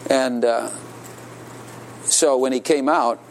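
A man relating a story in a loose, conversational way, with a middling pitch for a man. He laughs along with his own tale and slips into the voices of the characters he quotes. Faint ambient noise sits under his voice. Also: steady tone, takes it slowly, gravelly. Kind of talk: casual anecdotal storytelling.

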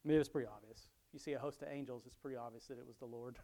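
A man's voice: medium pitch, steady tone, very fast, dark tone. A middle-aged man preaching, reading Bible verses aloud and breaking off into chatty commentary with frequent chuckles. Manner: reads scripture aloud, then chats and chuckles between verses.

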